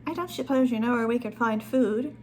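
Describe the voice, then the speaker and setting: Woman reading as a polite, teasing young gentleman. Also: fairly high pitch, a little fast, a little hiss or hum, natural voice. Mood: courteous, teasing.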